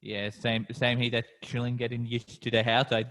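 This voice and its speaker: A man's voice: mid-range voice, little pitch movement, normal speed, fairly bright tone. A man with an Australian accent hosting a podcast in casual chat, laid-back and rambling with easy chuckles. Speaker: podcast host.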